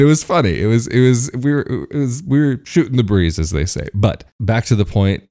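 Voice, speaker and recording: A man's voice: lowish voice, normal speed, few pauses, a little mellow. A man from the United States talking casually to camera as a video host, chatty and often laughing between points.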